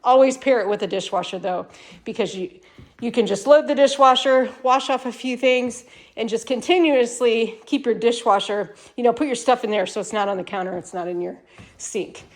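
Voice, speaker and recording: A woman's voice: fairly high pitch, moderate pace. A woman hosting a casual home tour vlog as a salesperson, upbeat, chatty and enthusiastic, a little congested from a cold. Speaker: manufactured home salesperson and channel host.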